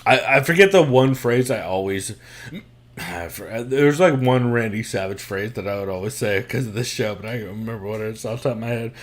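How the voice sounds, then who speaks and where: A man's voice: fairly low pitch, fairly quick. A man hosting a podcast, chatting casually from his room at home, rambling, laughing often and swearing freely. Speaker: podcast host.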